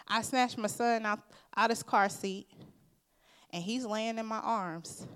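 A woman's voice: fairly high pitch, measured pace, fairly bright tone, smooth. A woman preaching a sermon. She tells a personal story in an earnest, emphatic way, speaks informally, and addresses the congregation directly as "y'all.". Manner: informal, conversational phrasing.

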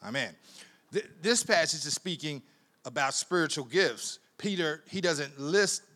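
A male preacher with a bright, forward voice pitched a little high. He talks to the congregation like a friend, stumbles over repeated words, laughs easily, and jumps from hushed asides to loud, emphatic bursts when he reads scripture. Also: measured pace. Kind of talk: sermon.

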